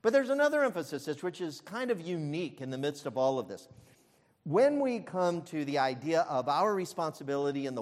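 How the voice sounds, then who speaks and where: A man preaching a sermon as pastor, emphatic, with frequent fillers and restarts and loud peaks. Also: on the high side, very animated, fairly quick, in a large hall.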